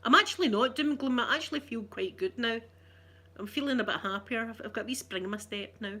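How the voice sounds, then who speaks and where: A woman's voice: on the high side, fast talker, pushed and bright. A woman with a Scottish accent chatting casually with her livestream viewers in a rambling, self-teasing way. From Scotland. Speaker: ASMR streamer chatting with viewers.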